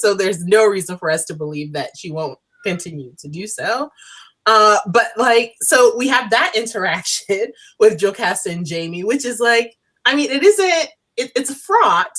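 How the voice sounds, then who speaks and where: A woman's voice: mid-range voice, lively intonation, moderate pace, fairly bright tone. A woman co-hosting a TV review podcast in casual chat, thinking aloud with restarts and light laughs. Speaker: podcast co-host reviewing a TV episode.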